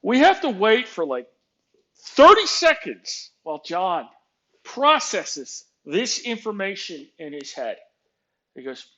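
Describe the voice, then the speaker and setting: A man's voice: high-pitched, very animated, measured pace, a bit bright. Exasperated man ranting, muffled audio. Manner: exasperated, acts out both sides of conversations. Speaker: vlogger ranting about work. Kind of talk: casual storytelling rant.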